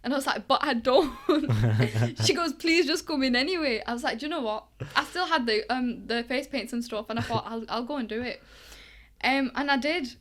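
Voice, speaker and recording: Speaking at a moderate pace in a fairly high register, a young woman from England who coaches boxing tells stories as a guest in an informal interview. Her manner is chatty and lively, and she performs the quoted dialogue.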